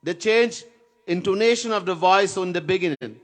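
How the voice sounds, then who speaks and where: A man's voice: high-pitched, moderate pace. A man giving a devotional lecture as a swami, telling stories and now and then chanting verses, stressing words by repeating them. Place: Trinidad.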